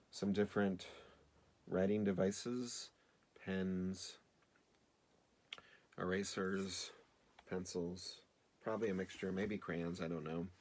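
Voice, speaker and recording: A man's voice: low voice, a little hiss or hum. A male teacher giving a casual remote video lesson to children, chatty and self-deprecating, with many fillers.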